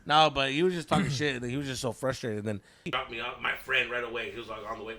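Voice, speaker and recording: A man's voice: mid-range voice, fast talker, few pauses, sharp tone. A man telling a story on a podcast in a casual, profane way, switching between English and Spanish. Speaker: podcast co-host.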